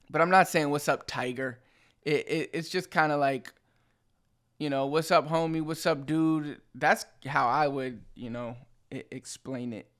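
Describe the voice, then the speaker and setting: A man's voice: a little high, clear, resonant tone. A man from the Dominican Republic giving a casual video lesson as the channel's host, talking loosely with lots of "like" and "you know.". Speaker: Spanish teacher and channel host.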